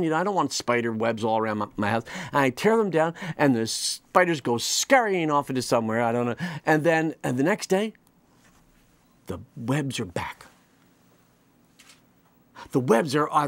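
A man hosting his own comedy show, delivering a rambling, animated monologue full of restarts and quick mock voices. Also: mid-range voice, dry recording. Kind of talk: comic monologue.

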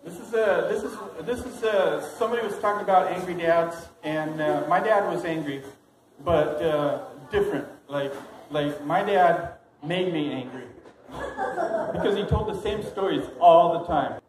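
A man's voice: on the high side, normal speed. A young man telling a story at an open mic, rambling and hesitant, often laughing at his own jokes. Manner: rambling, hesitant, self-amused. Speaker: stand-up comic. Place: small comedy venue. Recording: echoey room with clear noise.

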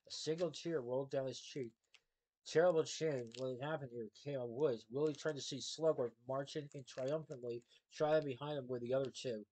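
A man reading a storybook aloud at an ordinary middle pitch. He reads plainly and now and then trips over a word and corrects himself. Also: fairly even intonation, moderate pace, mellow, rough recording. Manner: plain, with small slips and self-corrections. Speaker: storybook reader.

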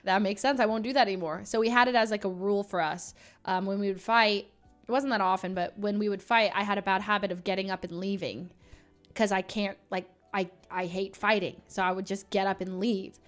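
A young woman livestreamer telling a story in a casual, animated, dramatic way into her desk mic. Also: mid-range voice, a little fast, faint music behind. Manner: animated, dramatic, breaks into laughs.

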